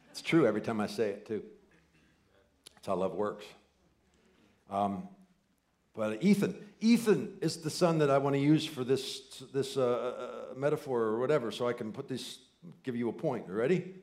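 A man in his forties preaching a sermon, telling family stories with quoted voices and swinging from loud excited bursts to soft, near-whispered lines. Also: medium pitch, moderate pace. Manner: animated storytelling with quoted voices and asides. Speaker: pastor.

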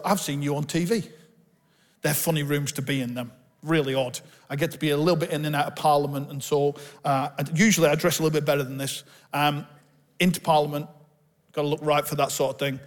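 A pastor with a Bolton accent and a fairly high voice preaches in a candid, conversational way, mixing self-deprecating stories into the sermon. His voice carries a long reverb, as in a church hall. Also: quick pace. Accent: Bolton, northern English. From Bolton, England.

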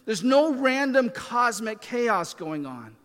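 A man's voice: very high voice, sing-song, takes it slowly, fairly bright tone, long reverb tail. A man preaching a sermon as a pastor, talking in a conversational way with fillers and self-deprecating asides.

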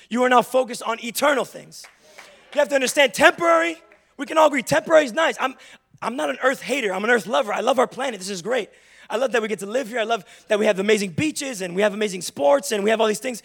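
A man's voice: very high voice, creaky, fairly bright tone. A young adult man preaching a sermon in church, telling funny, confessional stories to make his point. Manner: humorous, confessional storytelling. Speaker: pastor.

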